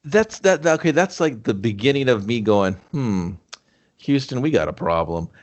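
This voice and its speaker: Animated man retelling a movie. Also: medium pitch, normal speed. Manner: animated, acts out characters with profanity and laughter. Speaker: podcast co-host. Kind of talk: casual movie review chat.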